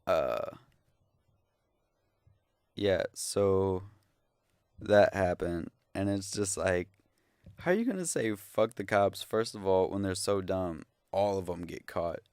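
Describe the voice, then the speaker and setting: A man's voice: deep voice, expressive, slow pace, pauses often, darkish tone, clear, resonant tone, dry recording, studio quality. A young man ranting into the camera, exasperated, sarcastic and profane in a casual vlog. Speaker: vlogger.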